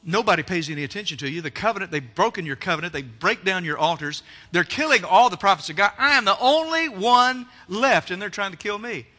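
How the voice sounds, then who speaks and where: A man's voice: high-pitched, animated, slow pace, few pauses, fairly bright tone, soft background music, voice pushed up, heavily acted. A man voicing a despairing old prophet who complains in an agitated, whiny way. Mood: aggrieved.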